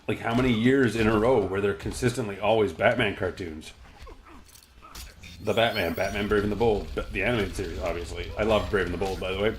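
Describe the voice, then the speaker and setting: A man's voice: lowish voice, steady tone, a little fast. A man casually chatting and rambling about comics while reacting aloud to the video game he is playing. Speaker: gaming channel host.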